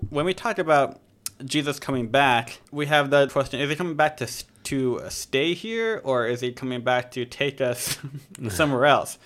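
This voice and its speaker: A man's voice: medium pitch, lively intonation, normal speed, a bit bright. A man hosting a podcast, discussing scripture in a conversational, joking way and correcting himself as he goes. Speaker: podcast host. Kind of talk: casual Bible discussion.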